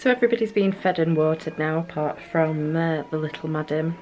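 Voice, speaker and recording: A woman's voice: deep voice, a little fast, a little mellow, slight background noise. A woman, a new mother, vlogging casually at home, chatting and sometimes slipping into sing-song baby talk.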